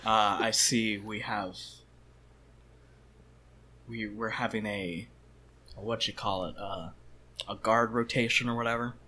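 A man's voice: fairly low pitch, steady tone, measured pace, pauses often, sharp tone, breathy edge, voice pushed down, heavily acted. A man voicing a small, hesitant stranger in a red cloak who gropes for words, in a tabletop game. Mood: flustered. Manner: rambling, groping for words.

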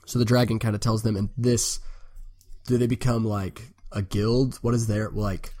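A man's voice: lowish voice, level tone, moderate pace, mellow. A man co-hosting a casual podcast, chatting about building a fantasy world and breaking into playful bits. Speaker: podcast co-host.

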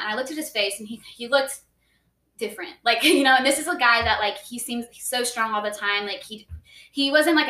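A young woman shares a personal faith story in an earnest, rambling way, full of "like"s and quick restarts. Her voice is bright. The recording has a roomy echo and she sits a little back from the mic. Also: mid-range voice, far from the mic. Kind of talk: casual faith testimony. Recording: echoey room, voice a bit off-mic.

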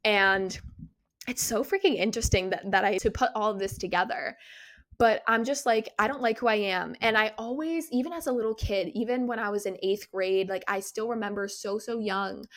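A woman in her twenties, a podcast host, telling a personal story in a candid, animated way with many fillers and restarts. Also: mid-range voice. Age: 20s.

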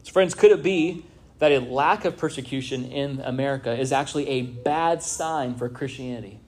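Man, pastor, from Southern California, conversational sermon, middle-pitched voice. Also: normal speed, darkish tone. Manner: conversational preaching with frequent "right?" asides. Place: church sanctuary.

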